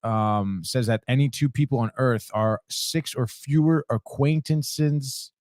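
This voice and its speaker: A man's voice: medium pitch, measured pace, darkish tone, no echo, studio quality. A young adult man co-hosting a casual podcast, laid-back, mostly answering with short agreements. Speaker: podcast co-host. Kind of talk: casual chat.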